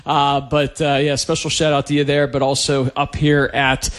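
A man interviewing a guest for a sports radio show, chatty and quick to laugh along. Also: on the high side, level tone, a bit bright. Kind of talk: casual interview.

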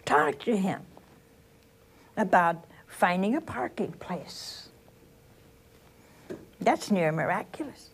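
Slow, lively older woman preaching. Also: on the low side, slightly rough. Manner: slow storytelling with rhetorical questions to the listeners. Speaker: religious sister giving a spiritual talk. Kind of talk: homely sermon.

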